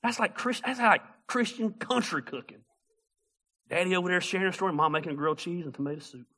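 A man preaching a sermon as a pastor, telling a story in an animated, humorous way. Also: high-pitched, a little fast.

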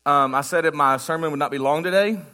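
A man's voice: fairly high pitch, quick pace, pushed and bright. A man giving a sermon as guest pastor, joking and conversational with the congregation in a church. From United States. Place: church sanctuary.

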